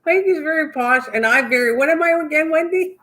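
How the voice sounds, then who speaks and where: French canadian lady teasing her friends on a live chat, somewhat high voice. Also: quick pace, bright, forceful tone. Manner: teasing, playful. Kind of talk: casual chat.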